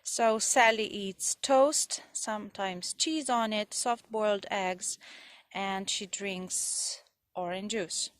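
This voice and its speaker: A woman's voice: mid-range voice, takes it slowly. A young woman, a Slovene English teacher, reading textbook passages aloud and going over the answers with her pupils. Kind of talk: recorded lesson for pupils.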